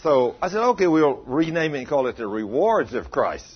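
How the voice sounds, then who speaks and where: A man preaching a sermon, telling stories in a folksy, animated way and rising to loud emphatic peaks. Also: mid-range voice, fairly quick, slightly rough. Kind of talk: sermon with storytelling. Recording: dull lo-fi recording.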